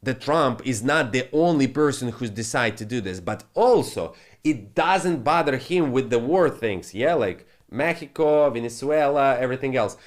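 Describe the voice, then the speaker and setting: Casting note: male crypto trading host, swears freely, ranting market commentary, mid-pitched voice. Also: normal speed, few pauses. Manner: profane, animated, non-native phrasing.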